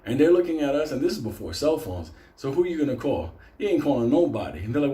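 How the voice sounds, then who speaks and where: A man telling a comic personal story in a casual, animated way, swearing constantly. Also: medium pitch, fast, roomy sound. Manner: heavy swearing, animated retelling.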